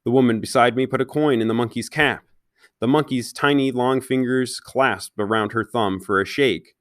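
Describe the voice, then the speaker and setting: A man's voice: mid-range voice, fairly even intonation, a bit bright, no room sound, studio quality. A man reading a children's novel aloud, stopping now and then to ask his listeners questions. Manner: pauses to question listeners directly. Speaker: read-aloud storyteller.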